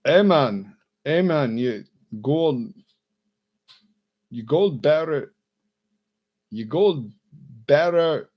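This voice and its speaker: A man doing a loud, hammy Jamaican-accented pilot. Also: on the high side, lively intonation, very slow, long pauses, highs cut off, voice pushed up, heavily acted. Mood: boisterous. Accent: attempted Jamaican. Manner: enthusiastic, unconvincing put-on accent. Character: loud cheerful male airline pilot.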